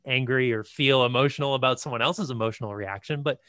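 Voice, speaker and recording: A man's voice: mid-range voice, quick pace, a bit bright, no echo. A male podcast host talks in a loose, rambling way, filling gaps with hesitant fillers. His voice sits in a middle register. The recording is dry and close. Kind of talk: casual conversation.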